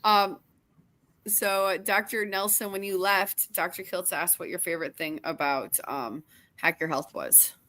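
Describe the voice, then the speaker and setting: A woman with a lowish but bright, sharp tone, reading viewer comments on a live show. She keeps the chat upbeat and quick to laugh. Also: fairly even intonation.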